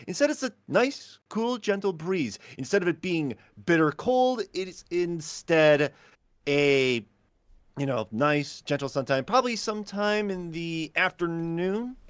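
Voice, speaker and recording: A man's voice: on the high side, expressive, measured pace, clear, resonant tone, dry recording. A man running a tabletop game as game master, narrating scenes casually with lots of fillers and laughter. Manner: casual, laughs often, fills with "like".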